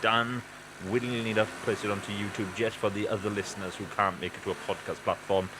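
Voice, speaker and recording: A man's voice: fairly low pitch, level tone, quick pace, background noise. A man co-hosting a podcast, chatting casually in a rambling, sweary way full of fillers. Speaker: podcast co-host. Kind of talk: casual chat.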